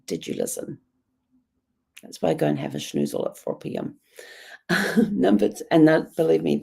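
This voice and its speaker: A woman with a hoarse, croaky voice who coughs now and then, hosting a casual daily journaling vlog in a rambling, chatty way. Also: very deep voice, mellow. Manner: rambling, chatty, many ums. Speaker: host.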